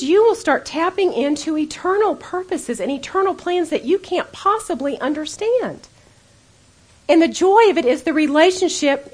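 A woman giving a conversational storytelling sermon to women, earnest, dropping to a hush when she acts out her own prayers. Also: sits high. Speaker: women's Bible teacher.

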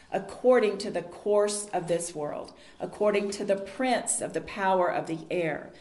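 A woman teaching a Bible study group in an earnest, conversational sermon style, asking the group questions. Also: mid-range voice. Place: meeting room with a group. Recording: roomy echo.

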